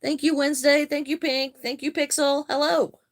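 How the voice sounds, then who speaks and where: Speaking in a high voice that barely moves in pitch, an older woman chats on her crochet live stream. She greets people by name and replies to comments with friendly, unhurried ease.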